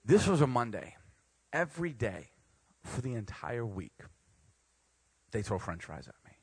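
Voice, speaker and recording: Animated man telling a funny story. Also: mid-range voice, unhurried, slightly rough, no echo. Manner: animated, self-deprecating, laughs at his own jokes. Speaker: preacher. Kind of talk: humorous sermon storytelling.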